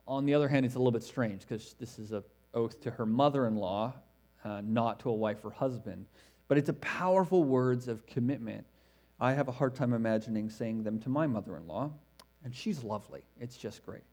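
A man preaching an expository sermon in a conversational way, swinging between emphatic stresses and hushed, quiet asides. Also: medium pitch, a little fast. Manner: conversational, with fillers and self-corrections.

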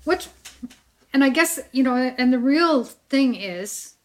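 Middle-aged woman, personal testimony, animated storyteller, acts out quotes, slightly high voice. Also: a little slow. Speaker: church member sharing testimony.

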